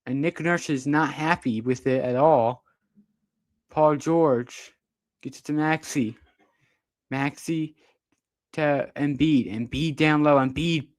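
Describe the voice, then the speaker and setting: An excitable young man calls basketball play-by-play from a close microphone, his voice sitting a little high. It sounds dry and close. He jumps up in pitch whenever a big play lands. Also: dry recording. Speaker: play-by-play commentator. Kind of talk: amateur livestream sports commentary.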